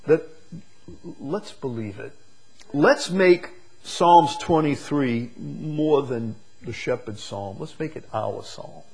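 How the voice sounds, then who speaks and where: A man preaching a sermon, moving from quiet, slow reflection to loud, emphatic declarations. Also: mid-range voice, lively intonation, gravelly, breathy edge. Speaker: pastor.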